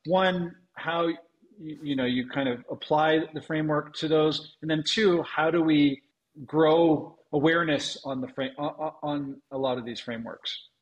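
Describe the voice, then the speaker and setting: A man's voice: a little high, fairly even intonation, highs cut off. Hesitant man with frequent ums. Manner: halting, many ums and restarts. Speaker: venture investor guest. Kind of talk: conversational interview answers.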